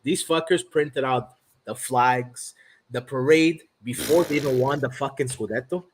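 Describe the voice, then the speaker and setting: A man's voice: medium pitch, moderate pace, husky. A man from Canada who co-hosts a podcast, chatting casually and telling profane stories, acting out the other people's lines. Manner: profane animated storyteller, acts out dialogue. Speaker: podcast co-host. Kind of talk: casual chat.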